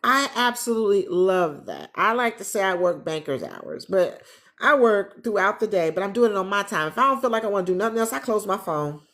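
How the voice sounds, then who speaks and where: Woman, retired, livestream host, casual and animated, reads viewer comments, talks from her living room. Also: mid-range voice, brisk. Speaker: travel agent business coach, livestream host.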